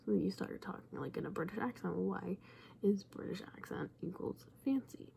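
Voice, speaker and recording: Young woman reacting to a video, husky-edged fry and soft tone, talks in loose half-whispers. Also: medium pitch, lively intonation, fairly quick, a little hiss or hum. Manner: rambling, often drops to a whisper. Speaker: viewer commenting on a video. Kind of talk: casual reaction commentary.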